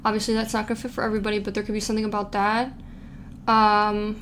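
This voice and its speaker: A woman's voice: medium pitch, little pitch movement, fast, fairly bright tone, a little hiss or hum. A young woman giving a casual pick-a-card tarot reading, chatty and giggly, reading quotes aloud with playful asides. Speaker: tarot reader.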